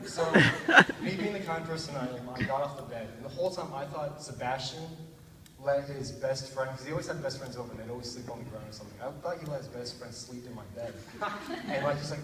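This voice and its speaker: A young man from Texas performs stand-up in a large hall, with a slightly high voice, acting out every line of dialogue with lively outbursts. The distant mic catches long reverb and plenty of background noise. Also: fast talker. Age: young adult. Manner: animated storyteller acting out dialogue with excited outbursts. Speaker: stand-up comedian at a student talent show. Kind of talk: stand-up comedy storytelling. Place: large hall at a talent show.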